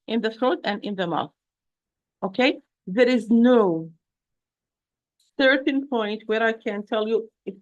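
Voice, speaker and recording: A woman's voice: fairly high pitch, dull audio. Patient woman teaching recitation. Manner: patient, repeats and checks with "okay?"; demonstrates sounds slowly. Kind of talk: online lesson.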